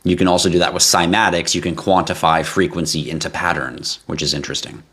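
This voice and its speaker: A man hosting a live stream, reading viewer comments in a casual, animated way, laughing and swearing now and then. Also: quick pace, breathy edge. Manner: animated, laughs and swears, jumps to high yelps for effect. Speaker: livestream host.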